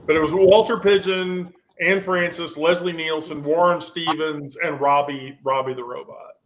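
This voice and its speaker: A man hosting a relaxed group chat, rambling and often restarting his sentences. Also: on the high side, moderate pace, slight background noise. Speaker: host. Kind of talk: casual chat.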